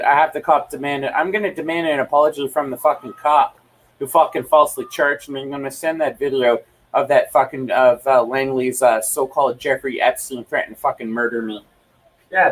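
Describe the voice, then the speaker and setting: A man's voice: a little high, distant mic, poor audio. A young man ranting heatedly at home, swearing a lot and repeating himself as he livestreams. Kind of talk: angry profane rant.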